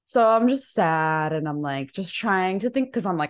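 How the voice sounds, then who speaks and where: Low-pitched young woman, laughing storyteller. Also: normal speed. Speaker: guest musician. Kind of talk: casual chat.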